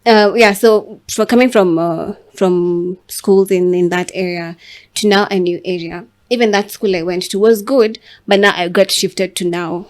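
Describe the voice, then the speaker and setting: A woman's voice: mid-range voice, steady tone, normal speed. A young woman from Kenya with a Kenyan accent, hosting a casual podcast chat and mixing Swahili into her English. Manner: conversational, sprinkles Swahili, frequent affirming murmurs.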